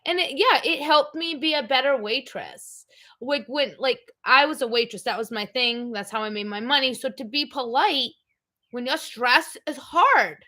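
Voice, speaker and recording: A woman's voice: high-pitched, normal speed, sharp tone. A middle-aged woman hosting a livestream, chatting casually in a blunt, rambling way. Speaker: livestream host. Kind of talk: casual chat.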